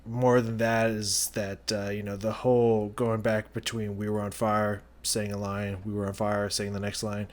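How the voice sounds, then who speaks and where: A man's voice: fairly low pitch, level tone, normal speed, hardly any pauses. A man hosting a music reaction video, thinking aloud as he analyzes a song and searching for his words. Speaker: music reaction channel host.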